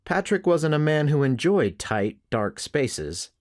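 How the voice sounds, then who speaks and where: A man narrating an audiobook in the first person with a steady, measured reading. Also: on the high side.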